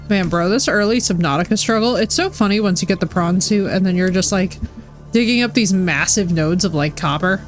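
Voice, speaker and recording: A woman's voice: fairly low pitch, fairly quick. A woman live-streaming a game in casual chat, swearing freely and filling her talk with "like". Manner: chatty, swears freely, says "like" constantly. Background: faint game music.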